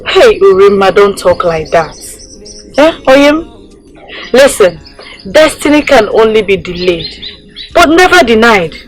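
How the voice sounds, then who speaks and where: A calm, self-assured village beauty. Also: female voice, mid-range voice, slow pace, long pauses, faint music behind, rough recording. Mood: dismissive. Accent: Nigerian.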